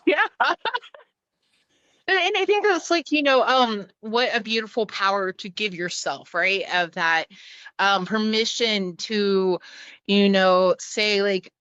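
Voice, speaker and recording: A woman's voice: mid-range voice, a little slow, a bit bright, clean tone, no echo, highs cut off. Chatty woman guest, lots of fillers. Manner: chatty, full of "like, you know" fillers, swears casually. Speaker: podcast guest, clowning teacher. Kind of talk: casual conversation.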